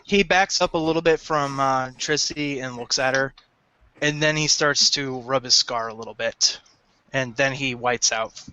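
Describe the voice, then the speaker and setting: Bright-voiced man narrating a game. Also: medium pitch, lo-fi sound, slight background noise. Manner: descriptive, halting with fillers. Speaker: game master.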